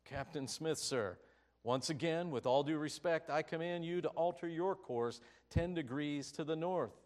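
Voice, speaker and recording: A man voicing a young male sailor at a lighthouse who answers over the radio, steady and courteous. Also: fairly high pitch, unhurried, natural voice. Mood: calm polite.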